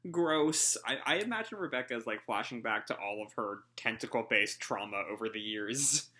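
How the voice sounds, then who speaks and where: Male reaction host, bright voice, loose rambling commentary with fillers and swearing. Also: fairly low pitch, expressive, brisk. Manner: rambling with many ums and uhs; swears casually. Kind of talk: casual live reading and commentary.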